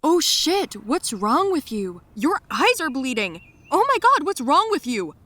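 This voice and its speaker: A woman voicing a caring young man in an animated storybook, speaking with strong emotion. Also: fairly high pitch, a little slow. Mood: alarmed. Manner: emotional, shouting in alarm.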